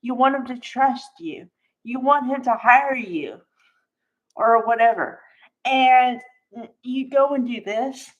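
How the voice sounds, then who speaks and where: Slow, chatty woman with a higher voice. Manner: chatty, drawn-out, many fillers and asides. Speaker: soap opera recap host. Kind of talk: casual commentary to viewers. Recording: dull lo-fi recording.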